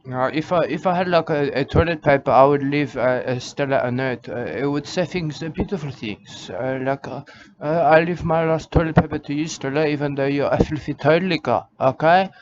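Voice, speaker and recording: A man's voice: fairly high pitch, brisk, close to an everyday voice. A man playing a rambling, eccentric self-styled wildlife warrior in an absurd comic monologue. He stumbles through broken grammar, keeps saying "uh", and tacks on "mate" again and again. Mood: rambling melancholy. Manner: rambling, full of "uh", keeps saying "I can tell you" and "mate". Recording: dull lo-fi recording with clear background noise.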